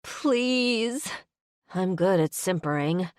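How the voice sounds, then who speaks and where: Woman reading a first-person audiobook, dramatic and expressive, lowish voice, dead dry close mic. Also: unhurried, no room sound. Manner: expressive, dramatic inner monologue. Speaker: audiobook narrator.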